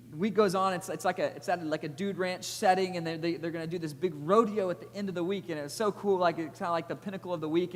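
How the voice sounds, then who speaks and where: A man in his thirties delivers a sermon with energetic, animated storytelling. His voice sits fairly high for a man. It rings with the long reverb of a large hall. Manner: animated storytelling, energetic, rising loud at climaxes. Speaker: pastor. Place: church auditorium.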